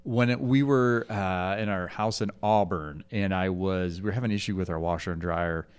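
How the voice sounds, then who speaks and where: Smooth-voiced man telling stories. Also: low-pitched, moderate pace. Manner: storytelling, animated when quoting. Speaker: podcast co-host. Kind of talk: casual chat.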